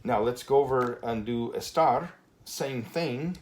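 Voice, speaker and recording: A man teaching a Spanish grammar lesson at a whiteboard, relaxed and full of fillers, checking in with "okay" often. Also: medium pitch, a little slow, slight background noise. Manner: relaxed, many fillers and okays.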